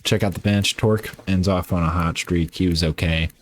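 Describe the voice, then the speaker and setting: A man's voice: low voice, fairly even intonation, normal speed. A man casually talking through his baseball video game season, rambling and correcting himself as he goes. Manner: rambling, self-correcting, offhand. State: tired. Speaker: gaming YouTuber.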